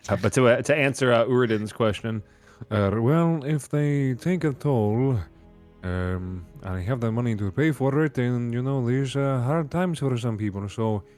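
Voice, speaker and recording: A man playing a tabletop game, talking casually in a halting way with many fillers. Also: medium pitch, a little mellow. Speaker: player.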